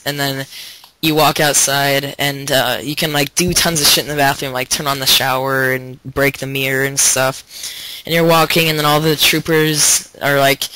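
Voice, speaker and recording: Bright-voiced young man chatting loosely. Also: a little high, slight background noise, rough recording. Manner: rambling, loose storytelling with many fillers. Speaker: podcast host. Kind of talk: casual chat.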